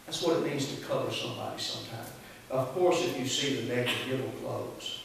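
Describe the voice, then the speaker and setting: A man's voice: medium pitch, brisk, gravelly, fairly bright tone. A man with a Southern US accent, preaching a sermon in a folksy, conversational way and drawing responses from the congregation. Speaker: pastor. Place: church sanctuary. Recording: echoey church hall from far off, faint hiss.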